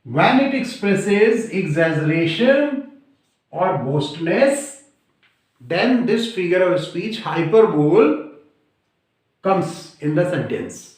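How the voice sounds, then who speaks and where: A man teaching grammar in a slow explanatory lecture, deliberately repeating and defining each term. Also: high voice, big pitch swings, darkish tone. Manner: repetitive, deliberate, defines terms over and over. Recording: very echoey room.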